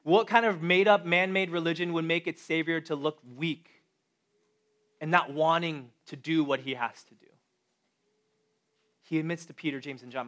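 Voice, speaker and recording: A pastor delivers a casual, animated sermon in a fairly high male voice. He leans toward the audience with rhetorical questions and plain talk, picking up energy as he goes. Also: moderate pace, pauses often. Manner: conversational, animated, addresses the audience directly.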